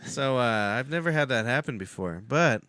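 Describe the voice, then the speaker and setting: A man's voice: mid-range voice, lively intonation, normal speed, a bit bright, no echo. A man hosting a casual podcast chat, telling rambling stories and swearing freely. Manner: rambling storyteller, swears a lot. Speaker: podcast host.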